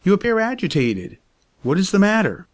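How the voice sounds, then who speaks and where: A man's voice: sits high, sing-song, moderate pace, voice pushed up. A man reading aloud and voicing a courteous, mildly teasing father in a storybook tale. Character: genial, amused gentleman father.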